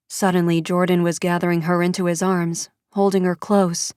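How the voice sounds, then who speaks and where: A woman narrates an audiobook in a measured, even storytelling manner. Her voice sits on the low side. The recording is close and dry. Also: clear, resonant tone, no room sound. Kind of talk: scripted narration.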